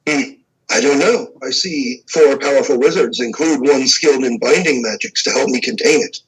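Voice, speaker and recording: A man's voice: mid-range voice, moderate pace, breathy edge, close to an everyday voice, poor audio. A man voicing a stern weary dragon slayer.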